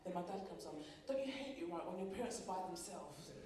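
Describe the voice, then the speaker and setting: A woman's voice: lowish voice, quick pace. A woman performing live stand-up comedy. She tells stories with energy, acts out her family members, and talks straight to the audience. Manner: animated storytelling, acting out family members. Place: large venue with a live audience. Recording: echoey, distant live hall with loud crowd.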